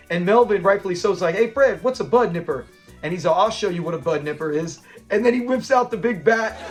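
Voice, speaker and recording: A man with a high voice talks through a sitcom episode with loose, chatty enthusiasm. He keeps jumping into the characters' lines and chuckling as he retells the scenes, with faint music running underneath. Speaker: channel host reviewing a classic sitcom episode. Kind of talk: casual episode breakdown.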